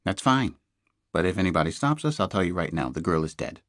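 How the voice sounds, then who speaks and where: Audiobook: an ice-cold, heavy-set thug, as a man reads him, low and flat. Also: brisk, no room sound, clean studio sound. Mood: threatening. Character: icy heavy-set male kidnappers' contact, stone cold.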